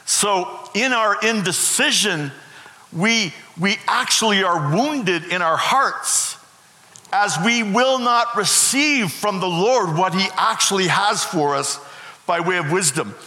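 A man's voice: sits high, lively intonation, slow, bright, forceful tone. A middle-aged man preaching a sermon as pastor, emphatic and repeating his key phrases. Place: church sanctuary. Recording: echoey hall with long reverb.

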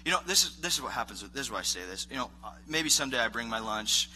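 A man's voice: medium pitch, animated, quick pace, slight background noise, poor audio. A man pastor preaching a conversational sermon in a church, rambling and self-deprecating with lots of filler words. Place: church stage. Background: live worship band playing softly.

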